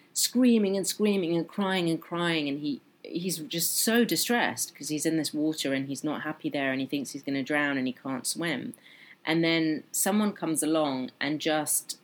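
Deep-voiced earnest woman healer. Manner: earnest, with fillers and acted quotes of clients. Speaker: healer and podcast host. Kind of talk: reflective podcast monologue.

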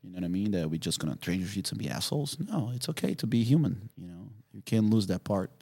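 A man with an English, his voice sitting a bit low. He tells stories as a podcast guest, animated and quick to laugh, padding his sentences with "you know what I mean". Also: creaky, breathy edge. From Brazil. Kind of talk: casual storytelling.

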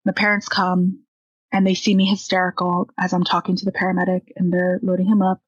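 A woman's voice: fairly low pitch, monotone, brisk, husky, dry recording, highs cut off. A young woman candidly telling a personal story, acting out the dialogue she quotes.

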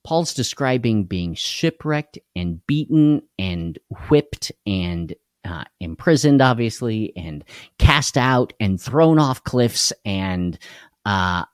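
A tired, worn-out man leads a live devotional in a relaxed, folksy way. He chats with his viewers and greets them by name. His voice is close and dry, with no room sound behind it. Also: fairly low pitch, slow, clean tone, dry recording. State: tired and unwell. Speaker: devotional livestream host. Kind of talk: casual livestream devotional.

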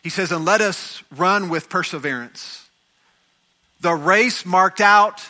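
Bright high-voiced man preaching. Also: slow. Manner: preaching, acting out voices of Bible figures with rising intensity. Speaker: pastor. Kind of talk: sermon.

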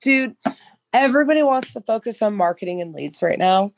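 A woman co-hosting a podcast in casual chat, hoarse from losing her voice, rambling and swearing freely. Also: medium pitch, a little fast, dry recording. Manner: rambling, profane, animated. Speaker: podcast co-host, dog trainer business coach.

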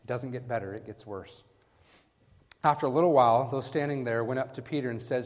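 Brief: male preacher, mid-pitched, punchy emphatic delivery, long hall reverb. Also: brisk. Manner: emphatic, asks the listeners "right?"; swings from hushed lines to loud stressed bursts. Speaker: preacher teaching a Bible passage. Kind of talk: sermon.

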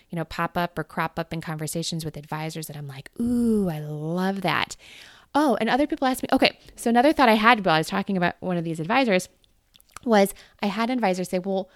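A woman's voice: on the low side, dry recording, studio quality. A woman hosting a solo podcast, gushing and upbeat, talking with lots of "like" and "you know" into a podcast microphone while her hands move around. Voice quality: bubbly, gushing, animated with gesturing hands. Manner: chatty, upbeat, lots of fillers like 'you know' and 'like'. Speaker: podcast host.

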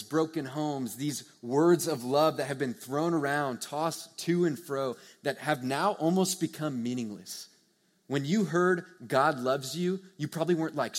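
A young man preaching a sermon to a live audience, earnest and conversational, swinging from hushed to loud emphasis. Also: a little high. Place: church or meeting hall with a live audience.

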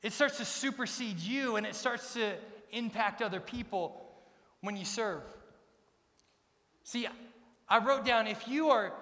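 A man's voice: very high voice, measured pace, bright, forceful tone. A middle-aged man preaching a sermon as pastor, emphatic and repeating his key lines. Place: church sanctuary. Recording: long reverb of a large church hall.

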